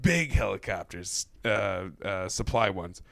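A man's voice: sits low, animated, measured pace, creaky, dry recording. A man telling stories in a casual podcast chat, swearing freely and laughing through his own stories into a close mic. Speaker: podcast guest. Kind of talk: casual storytelling. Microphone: podcast mic held close.

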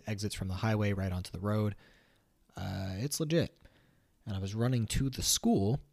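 A young man co-hosting a podcast from a home kitchen, telling stories in a casual, animated way with laughs. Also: low-pitched, dry recording, clean studio sound. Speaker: podcast co-host. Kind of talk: casual chat.

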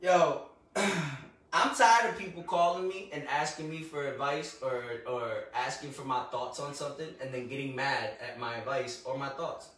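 A man's voice: mid-range voice, moderate pace, a bit bright. A man co-hosting a casual podcast chat, telling blunt, profane, joking stories about people who ask him questions. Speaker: podcast co-host. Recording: echoey room, distant mic.

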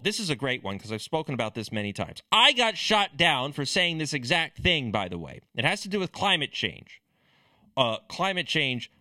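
A man's voice: a little high, bright, forceful tone, no echo. A man ranting in political commentary, sarcastic and scornful.

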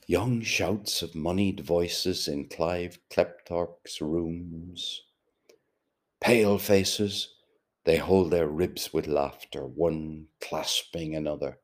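Deep, slow male audiobook narrator. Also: steady tone. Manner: measured, deliberate reading.

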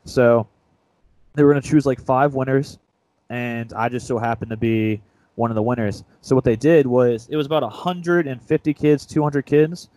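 A young man co-hosting a sports podcast, retelling a story in a rambling, self-mocking way. His voice sits at a middle pitch and sounds dry and close to the mic, with no room echo. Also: moderate pace, mellow. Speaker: podcast co-host. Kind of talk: casual storytelling chat.

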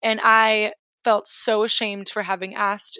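Woman, twenties, from New York, candid storytelling, rambling with fillers, bright tense voice, dry sound. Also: mid-range voice, little pitch movement, measured pace, clear, resonant tone, dry recording. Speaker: guest. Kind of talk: personal storytelling.

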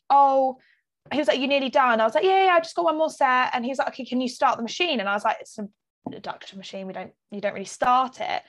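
A young woman, co-hosting a chat podcast and telling lively anecdotes, acting out quotes with lots of "like" fillers. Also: fairly high pitch. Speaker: podcast co-host. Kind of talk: casual chat, storytelling.

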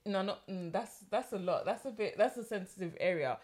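A woman's voice: mid-range voice, brisk, crowd noise. A woman co-hosting a podcast, chatting frankly with many fillers. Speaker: podcast co-host. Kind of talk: casual chat.

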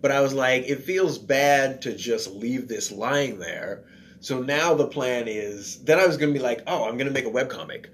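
A man's voice: mid-range voice, normal speed, slight background noise. A male guest talking casually, rambling and self-deprecating, with many fillers and restarts. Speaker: guest, comedian and writer. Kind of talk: casual chat.

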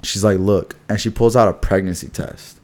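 A young man from Houston, co-hosting a podcast and telling a long story in slangy, animated casual talk, saying "bro" again and again. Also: on the low side, a little fast. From Houston, Texas. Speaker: podcast co-host.

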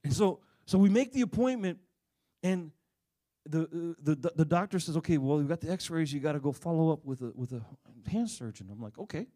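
Brief: middle-aged male pastor, slightly higher voice, lively storyteller turning earnest. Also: a little fast. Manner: animated storytelling, then soft earnest preaching. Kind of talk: sermon with a personal story.

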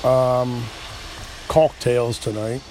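A man's voice: medium pitch, flat delivery, extremely slow, darkish tone. A middle-aged man with an upstate New York accent rambles through a solo podcast. He swears freely, cracks jokes at his own expense and sounds a little tipsy. A faint hum of crickets sits behind his voice. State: a bit tipsy. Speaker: podcast host.

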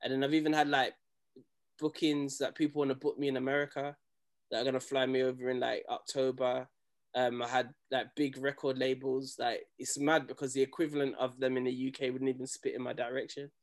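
A young man, a DJ chatting casually and telling animated, slang-filled stories. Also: mid-range voice, brisk. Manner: animated storytelling, slangy, acts out quoted people. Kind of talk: casual chat.

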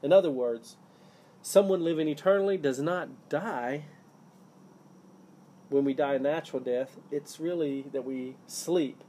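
A man's voice: a little high, measured pace, long pauses, mellow, a little hiss or hum. A man hosting a solo Bible-teaching podcast, earnest and emphatic, stressing key words as he reads and explains verses. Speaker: podcast host teaching scripture.

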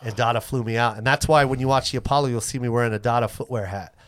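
A man's voice: mid-range voice, racing. A man telling a long comedy story in casual podcast chat, swearing and acting out the people in it. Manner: animated, swears a lot, acts out other people's voices. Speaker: guest comedian.

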